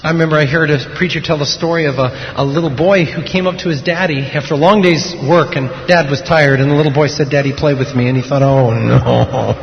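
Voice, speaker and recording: A man preaching a sermon to a congregation, moving between slow hushed passages and loud, excited storytelling. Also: a little high, highs cut off, a little hiss or hum. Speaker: pastor. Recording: long hall reverb, faint ambience.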